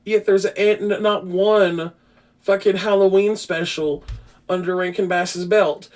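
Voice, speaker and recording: Speaking at a measured pace in a high-pitched voice, a man hosts a podcast where he reviews a film offhandedly. His talk is rambling and profane with frequent restarts, getting louder and more animated as he goes.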